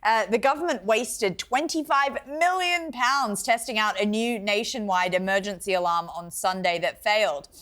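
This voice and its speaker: A woman's voice: mid-range voice, normal speed, hardly any pauses, a bit bright. A woman co-hosting a comic talk show, bubbly and giggly. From Australia. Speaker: co-host. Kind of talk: comic chat show banter.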